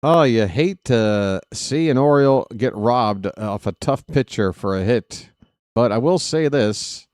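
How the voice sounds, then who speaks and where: A man calling live baseball play-by-play for fans, excitable and jokey, talking straight to his listeners. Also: medium pitch, measured pace, no echo, clean studio sound. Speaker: fan play-by-play commentator.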